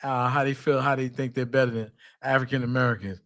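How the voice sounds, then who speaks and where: A man's voice: medium pitch, fairly even intonation, fast, fairly bright tone. Eager man urging in casual chat.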